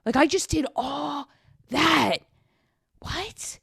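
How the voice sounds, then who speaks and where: A woman's voice: mid-range voice, expressive, normal speed, a bit bright. A woman in her thirties hosting a podcast, telling a personal story in a casual, chatty way and acting out her own past lines. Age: 30s. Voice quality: chatty, many "like" fillers, quotes herself. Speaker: podcast host.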